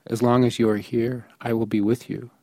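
A man voicing a polite, earnest young man of nineteen with a soft, calm voice. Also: medium pitch, moderate pace, no echo, clean studio sound, lightly acted.

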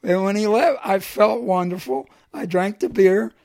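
Plainspoken man with a gravelly voice. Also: sits high, fairly even intonation, a little mellow, dry recording, clean studio sound. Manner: plainspoken, conversational, with halting restarts. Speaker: man walking across the country. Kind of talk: first-person storytelling.

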